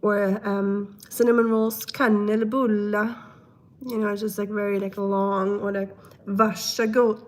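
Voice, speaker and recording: Reading comments aloud and chatting casually on her live stream, this young host speaks at a moderate pace in a slightly mellow, mid-range voice with a completely flat delivery. She's goofy and laughs a lot, though mucus in her throat makes her clear it again and again.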